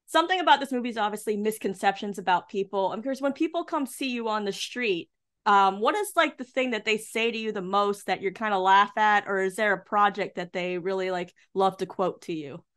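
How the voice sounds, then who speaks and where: A woman's voice: medium pitch, a little fast, a bit bright. A woman interviewing a guest, chatty and enthusiastic in a casual style.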